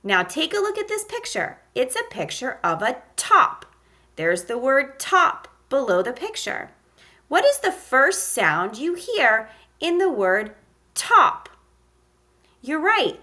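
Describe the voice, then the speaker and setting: A woman teaching a phonics lesson to young children, sounding out letters and praising slowly and encouragingly. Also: high voice, big pitch swings, sharp tone. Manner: slow, encouraging, sounds out letters with exaggerated emphasis. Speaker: kindergarten teacher.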